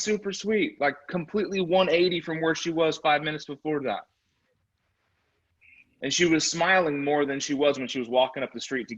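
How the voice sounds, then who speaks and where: A man giving a motivational sales training talk, telling animated stories about his dog. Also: a little high. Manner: animated, energetic storytelling. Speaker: real estate sales trainer. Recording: slightly muffled recording.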